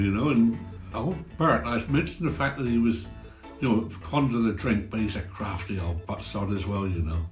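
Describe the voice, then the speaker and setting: A chatty man spinning comic village yarns, his voice swinging lively up and down. The room sounds roomy, and a faint guitar plays behind him. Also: medium pitch. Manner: chatty, folksy. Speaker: storyteller.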